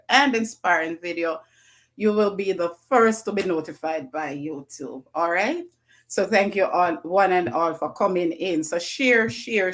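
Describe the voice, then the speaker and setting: A Jamaican woman hosting a live stream, greeting her viewers one by one in an effusive, repetitive way. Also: fairly low pitch. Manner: effusive, greets viewers by name, repeats phrases. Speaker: livestream host.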